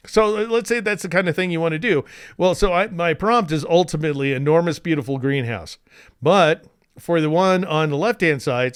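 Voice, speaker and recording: A man hosting a screen-share software tutorial, chatty and enthusiastic, with asides and restarts. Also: medium pitch, clear, resonant tone, dry recording, studio quality.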